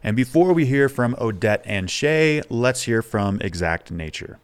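A man's voice: mid-range voice, animated, measured pace, clean tone. A man hosting a podcast, talking frankly and casually, with some swearing. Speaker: podcast host. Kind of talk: candid podcast monologue.

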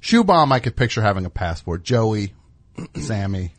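A man's voice: on the low side, big pitch swings, normal speed, no echo. A man hosting a radio show, rambling and riffing in casual comedic chat in a studio. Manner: rambling, riffing with put-on voices.

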